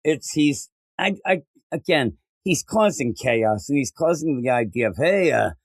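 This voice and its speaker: A middle-aged man co-hosting a casual comic book review podcast, rambling and joking, acting out characters in a higher voice. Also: expressive, unhurried, no echo. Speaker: podcast co-host.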